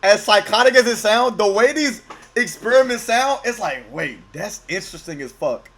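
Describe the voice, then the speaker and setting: Young man, casual profane reaction commentary, high voice, swings up and down a lot. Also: animated, moderate pace, gravelly, fairly bright tone. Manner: profane, joking slang, talks over the video. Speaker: streamer reacting to a video. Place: home at night, keeping voice down.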